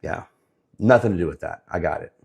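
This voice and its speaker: A man giving casual, sarcastic commentary on the week's news, often pausing with fillers. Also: sits low, animated, creaky, darkish tone, breathy edge. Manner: sarcastic, hesitant with many fillers.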